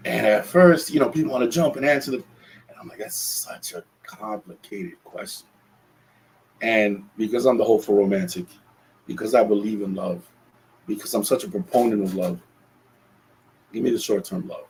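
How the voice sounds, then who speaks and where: A man's voice: on the low side, a little fast, darkish tone, low-quality recording. A man hosting a solo podcast, talking earnestly and reflectively, often restarting his phrases. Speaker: podcast host.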